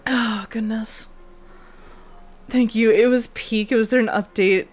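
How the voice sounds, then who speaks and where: A woman's voice: a little high, fairly even intonation, normal speed, a little mellow, slight background noise. A young woman streaming live, chatting casually with viewers, swearing freely and thanking them by name.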